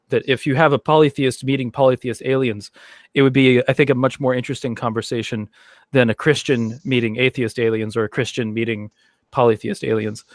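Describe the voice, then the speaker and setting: Guest, male, mid pitch, meandering talker who laughs easily, dry call audio. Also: no room sound. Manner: rambling, laughs often, many fillers. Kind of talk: casual chat.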